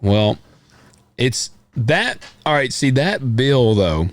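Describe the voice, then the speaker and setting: An American man co-hosting a podcast, chatting casually about politics in a rambling, folksy, animated way. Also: medium pitch, slow, no room sound. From United States. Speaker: podcast co-host.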